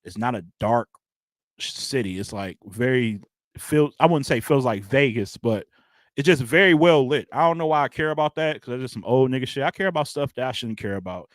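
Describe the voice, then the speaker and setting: A man's voice: mid-range voice, animated, brisk, dry recording, clean studio sound. A man hosting a podcast, talking in a rambling, slangy, self-mocking way in casual chat. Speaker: podcast host.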